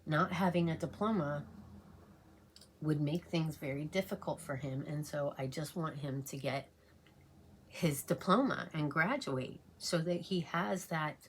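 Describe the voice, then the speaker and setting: A middle-aged woman vlogging at home while she gets ready, rambling and halting with many fillers and restarts, and emotional to the point of tears. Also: low voice, slight background noise. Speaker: beauty vlogger. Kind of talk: casual chat while getting ready.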